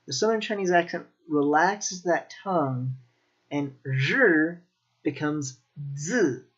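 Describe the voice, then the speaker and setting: A man teaching Mandarin pronunciation in a slow, demonstrative way, repeating each sound. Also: a little high, expressive, muffled recording. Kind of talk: pronunciation lesson.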